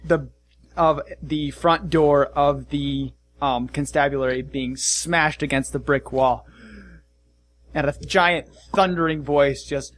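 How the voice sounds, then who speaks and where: A man narrates a tabletop game as game master in a casual, loose way. His voice sits a bit high and sounds bright and forceful. The recording is dry and close. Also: fairly even intonation, slow, no echo.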